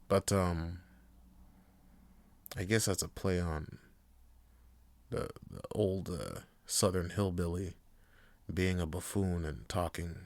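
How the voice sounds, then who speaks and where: A man's voice: deep voice, creaky, a little mellow, no echo. A man hosting a casual podcast monologue, rambling with many fillers and some swearing. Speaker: podcast host.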